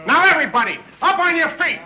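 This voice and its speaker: A bossy, scolding gang drillmaster. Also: male voice, very high voice, big pitch swings, quick pace, bright, forceful tone, faint music behind, heavily acted. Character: bossy impatient gangster drilling his men. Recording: dull muffled 1930s film soundtrack.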